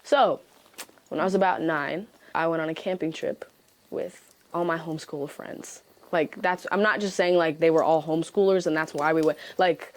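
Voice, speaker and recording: A young woman telling a story in a casual, animated way, full of slang, swearing and "like" fillers. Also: deep voice, normal speed. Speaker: interviewee.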